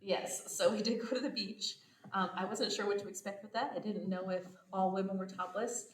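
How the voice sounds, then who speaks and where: A woman's voice: mid-range voice, steady tone, brisk, background noise. Chatty woman in an echoey room. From United States. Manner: chatty storytelling, laughs often. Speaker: podcast host. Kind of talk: casual chat. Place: home abroad, indoors.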